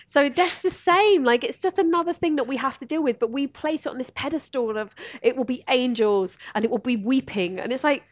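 Lively woman, candid and laughing. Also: sits high, brisk, few pauses, dry recording. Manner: animated, swears freely, laughs while talking. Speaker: podcast guest. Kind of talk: candid conversational storytelling.

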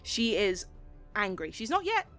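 A woman narrating a tabletop game as game master, in a casual, animated way, swearing freely. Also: medium pitch, unhurried, soft background music.

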